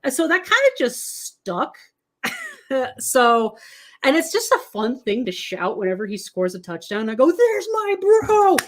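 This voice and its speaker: A woman's voice: a little high, expressive, a little slow, a bit bright. A woman from the Kansas City area chatting casually as a podcast guest, rambling and laughing often. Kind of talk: casual chat about football.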